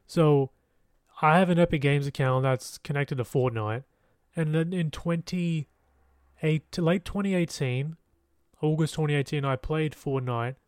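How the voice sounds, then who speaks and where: A young man hosts his podcast in a rambling, casual monologue, swearing freely as he goes. His voice sits a little high for a man. The recording is dry and close, with no room sound. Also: unhurried, a little mellow, clear, resonant tone, no echo. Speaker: podcast host.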